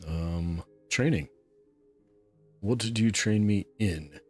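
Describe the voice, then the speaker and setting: A man hosting a relaxed let's play, chatting and musing aloud as he plays. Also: lowish voice, slow, faint music behind. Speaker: gameplay host.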